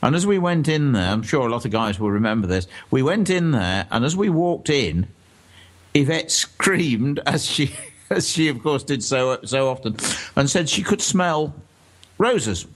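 A man, a historian guest, telling stories in a relaxed radio chat with frequent laughter. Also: mid-range voice, measured pace. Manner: animated storyteller, laughs often. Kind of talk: casual radio chat, anecdote.

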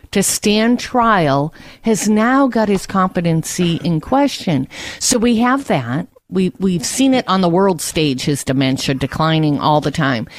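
A woman's voice: medium pitch, no echo, studio quality. A woman hosting a political talk show, delivering emphatic, indignant commentary.

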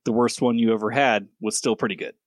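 A man's voice: lowish voice, fairly even intonation, fast, dry recording. A man hosting a podcast, trading casual, profane jokes. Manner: profane, joking banter. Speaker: podcast host. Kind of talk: casual chat.

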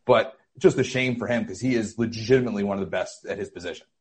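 A man talking football as a podcast guest, chatty and full of fillers. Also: on the low side. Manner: fast, filler-heavy, chatty. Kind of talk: casual chat.

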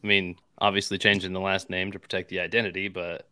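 A man co-hosting a sports podcast, his low voice smooth and crisp with a bright edge. He teases casually and nudges the audience toward the chat. The recording is dry and close. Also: level tone, fast, dry recording. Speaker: podcast co-host.

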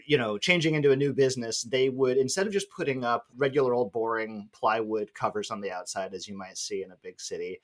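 A man's voice: mid-range voice, fairly quick, few pauses. A man co-hosting a quiz podcast, telling a long casual story and acting out his own past remarks. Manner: rambling, animated quoting of himself. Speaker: podcast co-host.

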